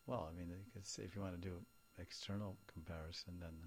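A man leading an informal group discussion as a spiritual teacher, animated and often laughing, acting out little scenes and sounds. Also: sits low, fast talker, a little hiss or hum.

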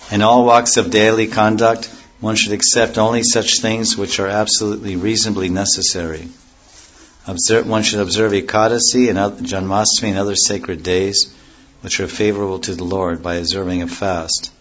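A man with a low voice gives a devotional lecture, looping through anecdotes before returning to scripture terms. The recording is dull and lo-fi, with a faint hiss of noise behind him. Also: level tone, normal speed, fairly bright tone. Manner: rambling, digresses into stories and loses the thread; explains chanted scripture terms in plain words. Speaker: spiritual teacher.

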